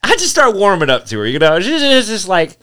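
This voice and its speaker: A man in his thirties telling a story on a podcast, his bright voice swinging widely as he acts out what people said. He swears freely and laughs often. The talk is casual and full of energy. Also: sits high, huge pitch swings, a little fast, smooth. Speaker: podcast co-host. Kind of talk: casual chat.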